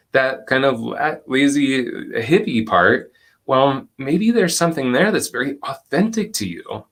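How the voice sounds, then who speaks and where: Gentle, reflective man leading a workshop. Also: medium pitch, husky. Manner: gentle, reflective, with slow deliberate stretches and soft laughs. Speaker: presenter and educator. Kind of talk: live online workshop, reading chat comments.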